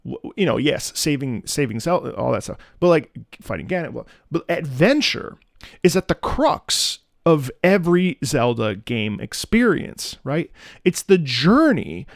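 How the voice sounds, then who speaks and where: Animated man scatting melodies, gravelly edge. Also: fairly high pitch, measured pace, dry recording, studio quality. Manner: animated, scats melodies between remarks; talks in rambling restarts. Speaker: music reaction streamer. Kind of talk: casual music commentary. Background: faint game music.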